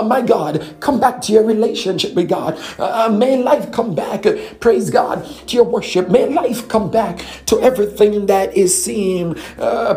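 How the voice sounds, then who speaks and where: A woman preaching a fervent sermon, repeating phrases and filling pauses with "praise God.". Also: mid-range voice, mellow.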